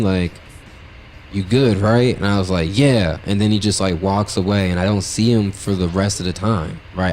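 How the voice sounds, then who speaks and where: Man, podcast host, lowish voice, blunt, profane, rambling storytelling, faint background hum. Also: a little mellow. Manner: blunt, profane, brutally honest; loose and rambling, heavy with "like" and "right?". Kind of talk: casual storytelling monologue.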